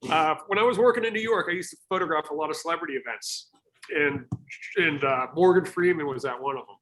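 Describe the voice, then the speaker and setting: A man with a bright, slightly high voice talks over a video call as a podcast guest. He speaks haltingly, with fillers and restarts, and comes across earnest. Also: slight background noise.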